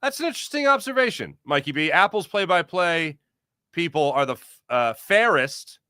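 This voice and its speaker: A man hosts a live postgame sports podcast, reading out viewer comments with rambling, joking energy. His voice sits a bit high and rings very bright and forceful. The sound is dry and close, with no room around it. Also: animated, moderate pace, clear, resonant tone, no echo.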